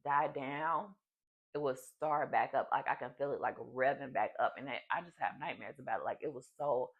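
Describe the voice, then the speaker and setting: A woman's voice: extremely low pitch, moderate pace, slightly rough, narrow, tinny audio. A young adult woman vlogger telling a personal story in a casual, chatty way, full of fillers. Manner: chatty, animated, many fillers.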